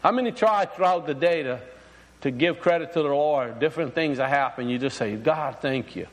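A man's voice: on the high side, brisk. A man preaching to a congregation in a loose, conversational way, full of fillers and restarts, often asking his listeners questions. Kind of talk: sermon. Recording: long hall reverb.

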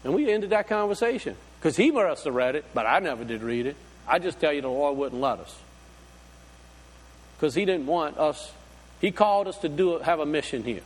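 A man's voice: on the high side, animated, moderate pace, slightly rough, long reverb tail. A man preaching a sermon, folksy and full of rhetorical questions. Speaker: pastor.

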